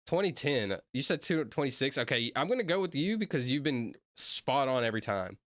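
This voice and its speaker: Excitable guy with lively pitch. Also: a little fast, no room sound, studio quality. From Southern United States. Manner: excitable, rambling, sudden shouted outbursts. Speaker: streamer reacting to videos. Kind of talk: casual reaction commentary.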